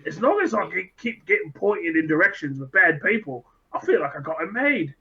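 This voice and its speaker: A man's voice: sits high, big pitch swings, normal speed, sharp tone, husky, lo-fi sound. A man playing a tabletop game, boasting brashly in character and swearing freely. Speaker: player.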